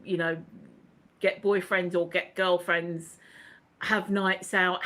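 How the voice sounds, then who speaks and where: A woman's voice: mid-range voice, fairly bright tone. A woman, hosting a casual livestream chat, rambling and laughing as she reads out viewer comments. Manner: chatty, laughs often, rambling asides. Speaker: livestream host.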